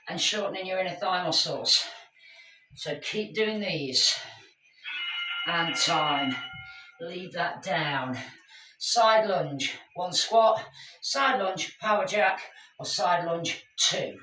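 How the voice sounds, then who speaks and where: Chatty fitness instructor, slow and echoey. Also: female voice, mid-range voice, pushed and bright, a little hiss or hum. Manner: chatty, encouraging, addresses class as guys. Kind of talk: live workout class instruction. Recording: echoey room, mic at a distance.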